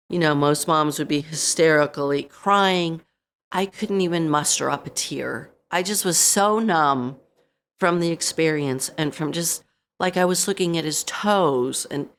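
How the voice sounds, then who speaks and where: A middle-aged woman, a podcast guest, telling a painful personal story in a halting way, full of "you know" and re-enacted lines. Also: low-pitched. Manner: halting, full of you-knows, re-enacting her own words.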